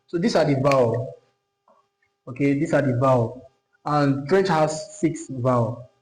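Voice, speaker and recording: Slow-talking male teacher, echoey room. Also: mid-range voice, a little mellow, a little hiss or hum. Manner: slow, repetitive, checks understanding. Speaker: French teacher. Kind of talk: classroom lesson at a board.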